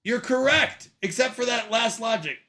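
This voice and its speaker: High bright-voiced laughing streamer man. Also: expressive, moderate pace. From Canada. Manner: laughing, playful, bantering with chat. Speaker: livestream host reading chat. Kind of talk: casual live-stream chat. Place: at home on a couch.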